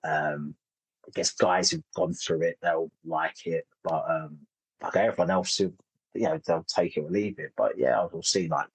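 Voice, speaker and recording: Speaking at normal speed with a deep, husky voice and steady tone, this thirtysomething comedian spins stories as an interview guest. He drifts and breaks into his own sentences, laughing frequently; the recording is rough but echo-free.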